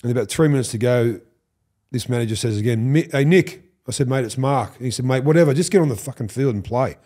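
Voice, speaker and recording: An Australian man in his fifties, a podcast guest, telling animated stories, swearing freely and acting out what others said. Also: medium pitch, fast. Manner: animated, swears, acts out quoted lines. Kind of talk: storytelling interview.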